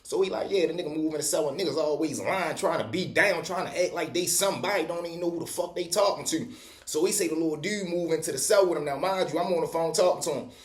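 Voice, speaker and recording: Man telling a story, relaxed street slang, fairly high voice, echoey room. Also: quick pace. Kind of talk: casual storytelling.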